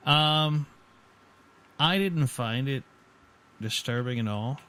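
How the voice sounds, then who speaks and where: A man's voice: mid-range voice, slow, bright, forceful tone, clear, resonant tone. A man co-hosting a podcast in a studio, chatting casually and rambling through stories with many fillers and restarts. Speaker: podcast co-host. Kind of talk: casual chat.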